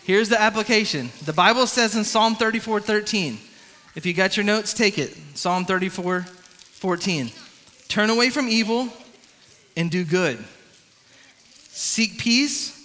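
A man preaching a lively youth sermon, coaching a volunteer through swimming moves and calling on the crowd. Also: sits high, unhurried, pauses often, in a large hall. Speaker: youth pastor.

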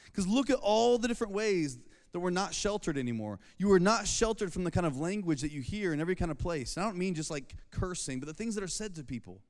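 Youth pastor man, in a reverberant hall. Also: sits high. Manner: conversational, jokey, acts out family scenes. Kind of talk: sermon to high school students. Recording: long reverb of a large hall.

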